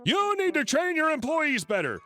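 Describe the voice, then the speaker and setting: A man's voice: very high voice, huge pitch swings, moderate pace, sharp tone, faint music behind, voice pushed up, full character voice. A man voicing an entitled woman customer who shrieks accusations at a manager. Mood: indignant.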